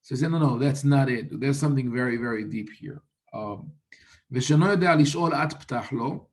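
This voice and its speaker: This man speaks at a medium pitch as a rabbi unpacking religious texts. His teaching is calm and reflective, with frequent false starts and Hebrew quotations.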